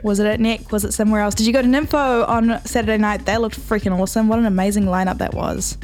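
An upbeat woman with a New Zealand accent co-hosts a breakfast radio show in easy, casual chat. She slips te reo Māori greetings into her English, and her voice sits at an ordinary middle pitch. Faint music plays beneath her. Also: steady tone, fast, darkish tone.

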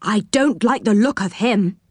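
A woman's voice: medium pitch, measured pace, a little mellow, husky, no echo, clean studio sound. A woman voicing a kindly male character in a storybook, talking in a fussing, friendly way. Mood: worried. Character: kindly, cheerful male tree-dweller.

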